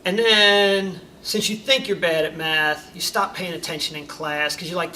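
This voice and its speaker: Animated karate instructor, high and bright. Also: male voice, unhurried. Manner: animated storyteller, acts out examples. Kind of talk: informal talk to students. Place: karate school. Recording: distant mic, faint background noise.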